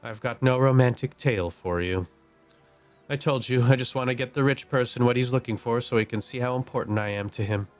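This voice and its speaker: A man voicing a guarded, sharp-tongued young woman in a game. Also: medium pitch, brisk, soft background music, natural voice. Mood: bitter.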